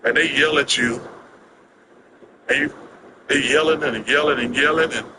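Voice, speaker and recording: A man in his sixties, a guest telling casual stories in an animated, drawling way with quick laughs, recorded outdoors. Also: medium pitch, noisy background. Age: 60s. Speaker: interview guest. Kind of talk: casual storytelling chat.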